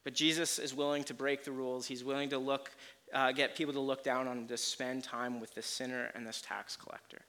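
A man preaching a sermon, telling a story with animated swings in loudness and acting out quotes. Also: medium pitch, a little fast.

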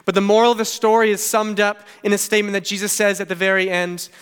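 Male pastor, earnest conversational sermon, clear resonant voice, long hall reverb. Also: sits high, little pitch movement, fast talker, fairly bright tone. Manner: earnest preaching with frequent "okay" asides and paraphrased storytelling.

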